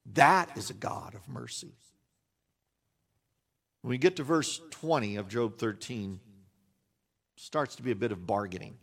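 A man's voice: mid-range voice, expressive, a little slow, creaky, pauses often, a bit bright. A man preaching a sermon as a pastor, earnest and emphatic, with wry self-deprecating asides.

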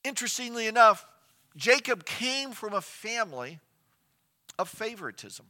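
Bright-toned man preaching a sermon. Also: high-pitched, big pitch swings, normal speed. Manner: storytelling preacher, rhetorical questions, varies loudness for emphasis. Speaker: pastor.

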